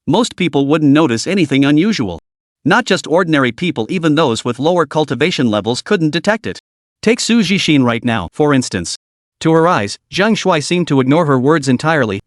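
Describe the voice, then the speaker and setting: A man's voice: a little high, no echo, studio quality. A man narrating a story recap in a scripted, dramatic storytelling manner.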